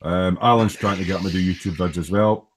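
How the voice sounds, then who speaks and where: A Scottish man with a deep voice and a steady tone hosts a casual online model-building stream. He talks a little fast but hesitantly, with lots of fillers and restarts.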